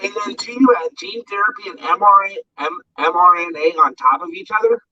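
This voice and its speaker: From his bedroom, a man co-hosting an online talk show launches into an angry, profane political rant. His voice is high, bright and forceful, and he talks a little fast. He is distant from the mic, and the audio is dull and lo-fi.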